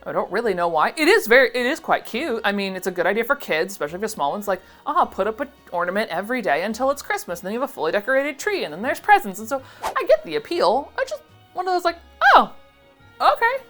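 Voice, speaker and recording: A woman's voice: medium pitch, sing-song, quick pace, fairly bright tone, soft background music. A young adult woman giving a casual, sarcastic reaction commentary as a vintage seller vlogger. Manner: playful, sarcastic asides.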